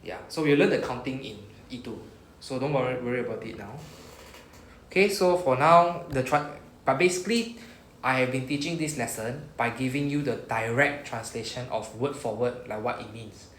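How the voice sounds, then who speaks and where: A man with a Singaporean English accent leads a class, patient and methodical, modelling phrases for students to repeat. His mid-pitched voice carries a roomy echo, with faint noise in the background. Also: normal speed, a bit bright. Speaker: Japanese teacher. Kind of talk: classroom teaching. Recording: echoey room with faint noise.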